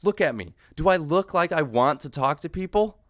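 A man's voice: a little high, expressive, normal speed, dry recording, studio quality. Profane sarcastic young man ranting. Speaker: podcast host. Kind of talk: comedic ranting monologue.

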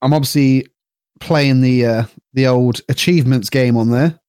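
A man's voice: mid-range voice, fairly even intonation, moderate pace, darkish tone, clean tone, dry recording, studio quality. A young man, co-hosting a casual podcast chat in a laid-back way. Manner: laid-back, short replies, laughs often. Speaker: podcast co-host.

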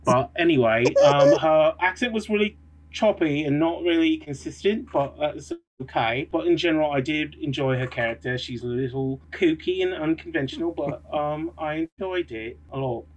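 Male podcast co-host, relaxed and chatty. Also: fairly high pitch, moderate pace. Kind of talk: casual chat.

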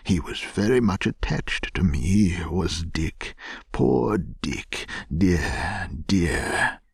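An old miser from a storybook , as a man voices him, exclaiming with feeling. The voice is husky and a little gravelly, lifted above the narrator's low tone. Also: expressive, drawn-out words, no room sound, clean studio sound, full character voice. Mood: wistful. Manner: exclaiming, emotional.

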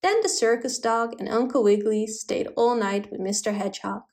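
A woman reading a children's bedtime story aloud, gentle and expressive. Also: fairly high pitch, moderate pace.

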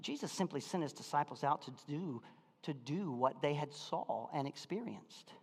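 A man preaching a sermon as pastor, telling a personal story, moving between hushed reflection and loud excitement. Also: fairly high pitch, normal speed, vocal fry, husky, in a large hall.

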